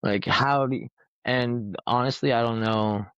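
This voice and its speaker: A man's voice: mid-range voice, steady tone, a little slow, a bit bright, smooth, no room sound. A man telling rambling, profane anecdotes in a casual podcast chat. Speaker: podcast host. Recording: dull lo-fi recording.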